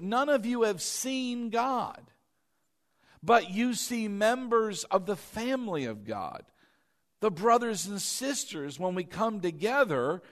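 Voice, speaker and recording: High-voiced male pastor preaching. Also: big-room sound. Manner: repeats key phrases, calls on congregation to respond; shifts between slow emphatic lines and quick asides. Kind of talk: sermon.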